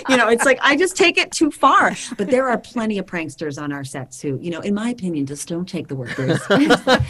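Woman, actress guest, lively and expressive, audience heard behind. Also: medium pitch. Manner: animated, self-mocking, quick to laugh. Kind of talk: casual interview chat.

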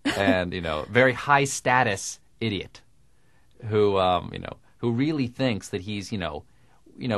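Middle-aged man, dry crisp diction, low-ish voice, dead-dry studio sound. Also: animated, moderate pace, fairly bright tone, dry recording. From American South. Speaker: comedian guest. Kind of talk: radio interview conversation.

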